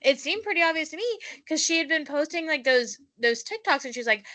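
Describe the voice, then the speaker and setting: A woman's voice: high voice, lively intonation, a little fast, bright, forceful tone. A woman co-hosting a podcast, recapping a show in casual chat with many fillers and acted-out quotes. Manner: chatty, lots of "like" fillers, acts out quotes. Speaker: podcast co-host.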